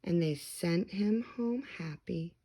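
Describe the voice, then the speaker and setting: A woman reads a bedtime storybook aloud with dramatic, expressive flair. She takes her time, and her voice has a gravelly, creaky texture. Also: on the low side, slow, a little hiss or hum.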